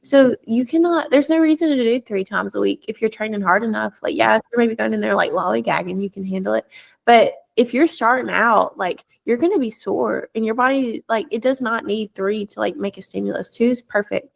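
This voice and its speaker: A woman's voice: on the high side, a little fast. A young woman coach chatting casually on a podcast, loose and talkative with lots of filler words. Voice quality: gravelly fry. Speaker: fitness coach.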